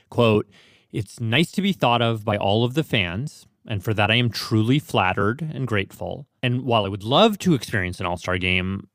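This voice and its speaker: A man's voice: fairly low pitch, a bit bright, dry recording, clean studio sound. A man working as a podcast reporter, narrating in a conversational way and asking questions. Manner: conversational, reads quotes aloud. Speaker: radio reporter.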